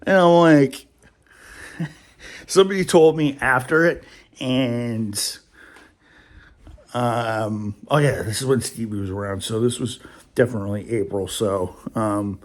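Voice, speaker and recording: A man's voice: medium pitch, fairly even intonation, slow, long pauses. Chatty rambling male vlogger. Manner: chatty, rambling, laughs often. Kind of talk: casual storytelling vlog.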